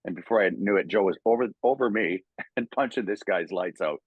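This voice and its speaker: A man's voice: low voice, brisk, husky, no room sound, narrow, tinny audio. An older Canadian man telling stories in a casual interview, laughing often and stammering as he acts out old quotes. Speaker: voice actor guest.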